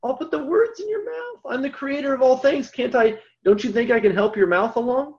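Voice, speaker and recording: A man's voice: extremely high pitch, animated, a little fast, muffled recording, pitched above the performer's own voice. A man acting out a patient male god who reassures a prophet in an emphatic way. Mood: insistent.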